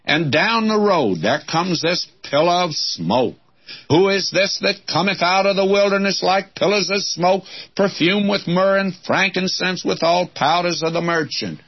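A male preacher giving a sermon, telling a Bible story with expressive voices and quoting old-fashioned scripture. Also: mid-range voice, breathy edge, highs cut off.

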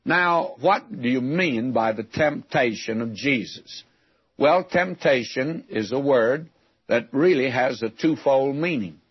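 A man's voice: medium pitch, expressive, slow pace, breathy edge, dry recording, muffled recording. An older man from West Texas preaching a radio sermon, teaching from the Bible in a folksy storytelling way with rhetorical questions.

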